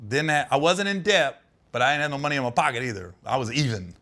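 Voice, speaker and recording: A man from Ohio, a stand-up comedian telling stories as a podcast guest, animated and laughing as he talks. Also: mid-range voice, fast. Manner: animated storyteller, laughing through anecdotes. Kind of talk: casual podcast chat.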